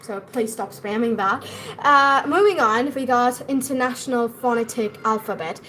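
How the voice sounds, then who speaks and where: In a slightly high, bright, forceful voice at a moderate pace, a young woman with an Indian English accent gives a pronunciation lesson over a live stream, handling viewer comments as they come in. Some hiss or hum is audible.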